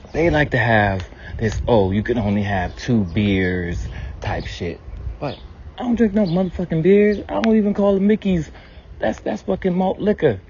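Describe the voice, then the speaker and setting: In this clip a man prays aloud to his ancestors, telling stories in a blunt, candid way, swearing constantly, his pitch and volume jumping suddenly. The recording is dull and lo-fi with faint ambience and a slight hiss or hum.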